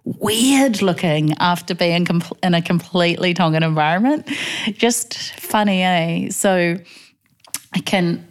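A woman's voice: on the low side, unhurried. A middle-aged New Zealand woman with a New Zealand accent, candidly telling personal stories in a casual interview, acting out quotes. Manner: candid, animated quoting, laughs often.

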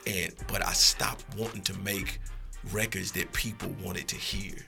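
Gravelly-voiced man telling rambling stories. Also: deep voice, little pitch movement, unhurried, sharp tone, faint music behind. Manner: laid-back, profane, rambling anecdotes. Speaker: rapper guest. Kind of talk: casual storytelling.

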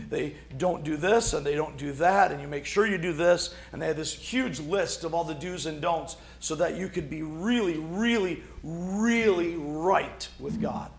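Guy preaching, a bit high voice, gravelly, echoey room. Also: fairly bright tone. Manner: conversational, emphatic preaching with acted-out quotes. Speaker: pastor. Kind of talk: sermon.

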